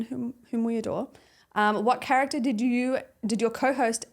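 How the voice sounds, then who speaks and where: A woman's voice: fairly high pitch, fairly even intonation. A woman co-hosting a podcast, reading quiz questions and retelling stories in casual chat, laughing as she goes. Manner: laughing, reads questions haltingly. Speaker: podcast co-host.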